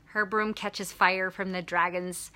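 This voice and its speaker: A woman hosting a short video, retelling a children's story in an animated, chatty way. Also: medium pitch, a little slow. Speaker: host.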